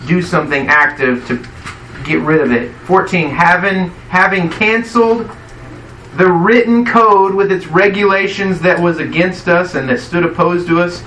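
A man preaches a sermon in an easy, conversational way, often putting questions to his listeners. His voice is bright and a little high, and it rings through an echoey hall, picked up from some distance by the mic. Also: normal speed, a little hiss or hum. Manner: conversational, asks the congregation questions. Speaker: pastor.

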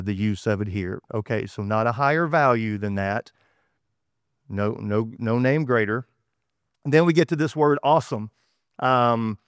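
Folksy Texan preacher, smooth voice. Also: male voice, mid-range voice, no echo, clean studio sound. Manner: conversational, folksy, with self-corrections. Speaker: pastor. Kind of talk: sermon.

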